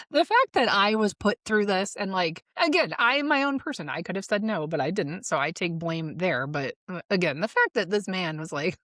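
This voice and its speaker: A woman's voice: mid-range voice, expressive, normal speed, hardly any pauses, a bit bright, no echo, clean studio sound. A woman in her forties hosting a solo podcast, talking bluntly and profanely, with frequent laughter. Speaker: podcast host. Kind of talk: candid solo podcast monologue.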